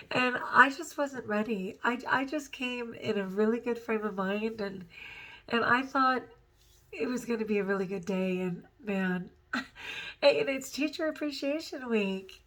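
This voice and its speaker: A woman's voice: a little high, unhurried, a bit bright. A woman vlogger talking casually to her viewers, rambling and giggly, overtired and close to tears. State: overtired and upset. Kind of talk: casual personal vlog.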